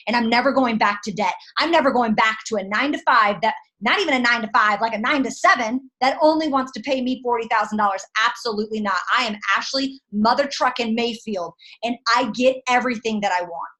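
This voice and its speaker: A woman's voice: on the high side, bright, forceful tone. A woman giving a fired-up motivational pep talk to her sales team. She speaks emphatically, uses slang and fires off punchy rhetorical questions. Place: at home at night.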